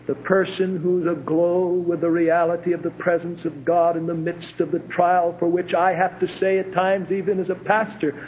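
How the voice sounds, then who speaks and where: A middle-aged man preaching a sermon as a pastor, with emphatic swells and sudden hushed drops. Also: high-pitched, level tone, normal speed, hardly any pauses. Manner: emphatic preaching, rising to ringing climaxes and dropping to hushed tones. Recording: tinny phone-like old sermon tape with faint hiss.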